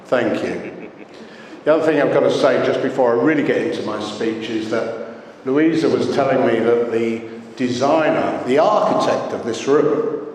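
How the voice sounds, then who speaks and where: A middle-aged wedding guest gives a speech in a large function room, telling jokey, self-mocking stories. His mid-range voice has a darkish tone, with a little hiss or hum. The echoey hall makes him sound far off.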